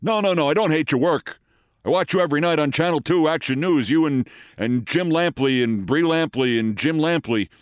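Man putting on a gruff old Brooklyn grouch. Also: on the high side, moderate pace, no room sound, studio quality, natural voice. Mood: teasing.

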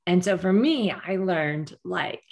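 Gravelly-voiced earnest woman storyteller. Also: lowish voice, animated, slow. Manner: earnest, frequent restarts and repetitions. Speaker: guest. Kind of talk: personal storytelling in conversation.

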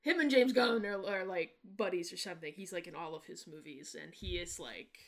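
A woman co-hosting a casual movie review podcast, talking in a lively, joking way and swearing freely. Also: lowish voice. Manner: profane, lively, quick to joke. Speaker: podcast co-host.

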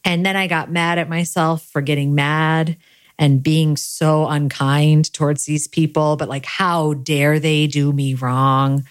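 Young woman, grieving, low voice, candid and self-deprecating, dry close sound. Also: flat delivery, slow pace, no room sound. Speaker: storyteller. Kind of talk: personal story, casual monologue.

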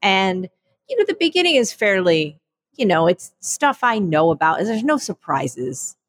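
A woman co-hosting a podcast in casual chat, telling stories in an animated, self-mocking way. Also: medium pitch, a little slow, no echo. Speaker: podcast co-host.

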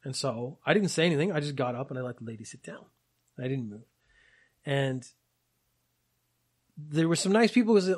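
A man's voice: medium pitch, expressive, moderate pace, long pauses, a little mellow, husky. A man in his forties telling personal anecdotes in a reflective, wry, digressive way. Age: 40s. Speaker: storyteller.

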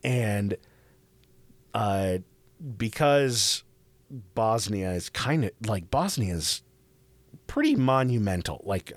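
A man hosting a podcast, telling history in a casual, profane, animated way. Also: deep voice, no echo. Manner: profane, animated, acts out quoted voices. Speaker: podcast host.

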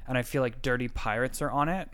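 A man's voice: medium pitch, fast, a crowd in the background. A man co-hosting a podcast, chatting casually in a rambling, crude, joking way with lots of "like" fillers. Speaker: podcast co-host. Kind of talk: casual comedic podcast chat.

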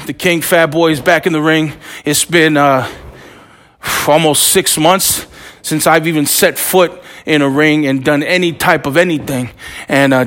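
A man's voice: fairly high pitch, a bit bright. A man hosting a wrestling podcast with boastful hype-man swagger and street slang, out of breath after a workout in a training gym. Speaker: podcast host.

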